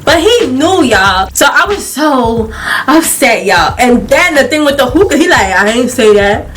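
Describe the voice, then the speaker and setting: A young woman telling a casual story-time tale to her viewers, animated, laughing often and acting out the people she quotes. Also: sits high, unhurried, faint music behind. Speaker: YouTuber.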